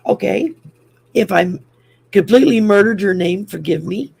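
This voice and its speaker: An older woman with a French accent hosts a casual livestream, rambling through greetings with plenty of ums and self-teasing. Her voice is deeply gravelly with heavy vocal fry and a raspy, husky edge. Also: measured pace, darkish tone. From France. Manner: rambling, chatty, many ums, laughs at herself. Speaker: host.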